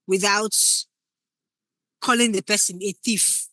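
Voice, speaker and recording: A woman's voice: medium pitch, fairly even intonation, slow, fairly bright tone, dry recording. A woman teaching scriptwriting in a casual lecture, acting out short example lines as she explains. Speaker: scriptwriting instructor.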